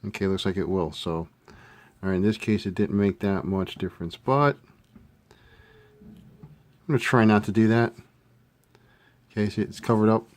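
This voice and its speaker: A man giving a casual hands-on modeling tutorial, thinking aloud with relaxed fillers as he works. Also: lowish voice, moderate pace, pauses often. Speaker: scale model hobbyist demonstrating a kit build.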